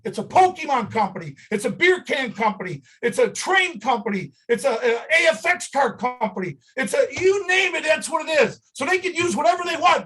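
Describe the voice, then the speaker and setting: A company owner talking on a live video call, emotional and fired up, shouting and repeating himself for emphasis. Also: male voice, very high-pitched, lively intonation, fairly quick, few pauses, poor audio. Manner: shouting, emotional, punchy repetition.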